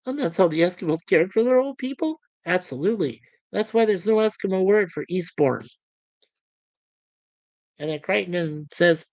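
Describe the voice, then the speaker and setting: A woman's voice: on the low side, lively intonation, moderate pace, darkish tone, dry recording. A woman reviewing a sitcom in a casual recap, narrating the scenes between the quotes. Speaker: show reviewer.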